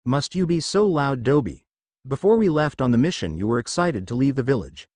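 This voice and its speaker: A man's voice: medium pitch, sing-song, brisk, darkish tone, no room sound. A man putting on a cool, aloof teen ninja for a story reading, dry and dismissive in tone. The voice sits close and dry.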